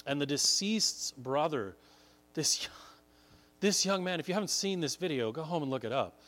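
A man's voice: fairly high pitch, lively intonation, normal speed, fairly bright tone. A man preaching a sermon, telling a story earnestly and building to emphatic points. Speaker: pastor.

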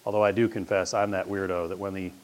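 Deep-voiced and level in tone, a male pastor and teacher preaches quickly. He tells his stories conversationally, working up to emphatic questions.

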